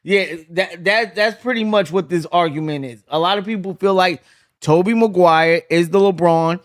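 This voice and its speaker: A man with a high, light voice hosts a casual podcast discussion. He talks in an animated way and keeps throwing questions to his co-hosts. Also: moderate pace. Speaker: podcast host.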